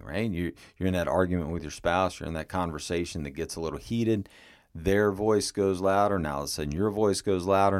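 A man's voice: lowish voice, vocal fry, darkish tone, no echo, clean studio sound. A man hosting a solo advice podcast, speaking earnestly and addressing the listener directly. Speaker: podcast host, relationship coach.

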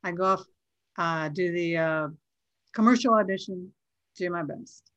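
A woman's voice: on the low side, measured pace, no room sound. A middle-aged woman, an actress, telling a story in a casual interview and acting out the quoted lines. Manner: lively, acts out quoted dialogue. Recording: dull, dry recording.

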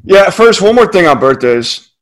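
A man telling a long, animated story in a casual podcast chat, leaning heavily on filler words. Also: sits high, moderate pace, rough recording.

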